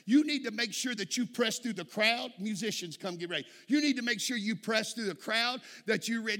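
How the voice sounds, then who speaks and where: A man preaching a sermon in a church, building to shouted climaxes and calling people to the altar. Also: high voice. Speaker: pastor. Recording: music behind the voice. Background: music playing.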